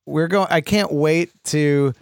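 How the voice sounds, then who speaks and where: A man co-hosting a chatty podcast, eager and jokey, riffing on what his guest says. His voice sits somewhat high. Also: clean tone, dry recording, clean studio sound. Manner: enthusiastic, jokey, quick to riff. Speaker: podcast co-host. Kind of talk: casual podcast chat.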